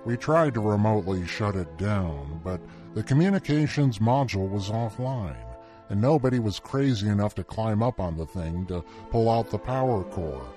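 A man's voice: on the low side, lively intonation, moderate pace, warm tone. A man reading his own short first-person story in a dry, matter-of-fact way. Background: music.

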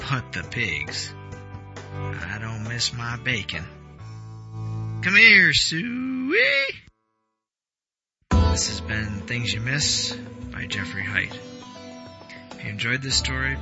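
A man's voice: lowish voice, lo-fi sound. A man reading his own short story aloud with dry, wry storytelling. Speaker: story contributor.

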